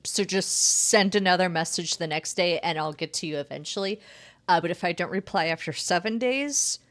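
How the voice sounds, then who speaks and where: A woman's voice: on the low side, a little fast, a bit bright. A woman playing a tabletop game, joking casually and talking in an easygoing way.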